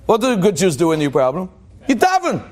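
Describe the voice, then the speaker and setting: A male rabbi teaches a lively Torah class, telling jokes and firing questions at his audience. His voice sits high and swoops up and down with real energy. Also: racing. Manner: animated, joking, asks the audience questions.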